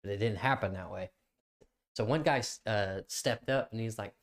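A man's voice: fairly low pitch, moderate pace. A young man co-hosting a podcast, telling a story in a rambling, profane way and laughing often. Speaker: podcast co-host. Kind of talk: casual chat.

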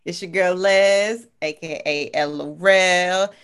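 A woman's voice: on the low side, takes it slowly, fairly bright tone, clean tone. A woman co-hosting a podcast from Texas, talking in an easygoing, chatty way. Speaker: podcast co-host. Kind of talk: casual podcast chat.

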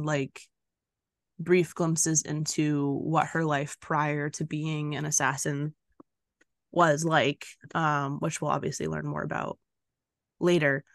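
A woman's voice: sits low, gravelly, dry recording. A woman co-hosting a podcast, chatting casually about a book, rambling and laughing often. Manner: giggly, rambling storyteller. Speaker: podcast co-host.

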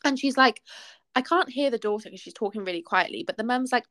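A woman's voice: a little high, animated, fast, fairly bright tone, no room sound. A young woman co-hosting a podcast, telling a story in casual chat full of "like" fillers. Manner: chatty storytelling, many "like" fillers. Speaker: podcast co-host.

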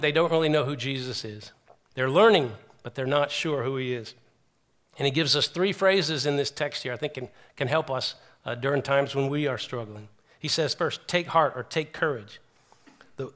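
Man, pastor, sermon, slightly high voice, conversational, shifts from loud to hushed. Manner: conversational storytelling, swinging between loud emphasis and hushed tones.

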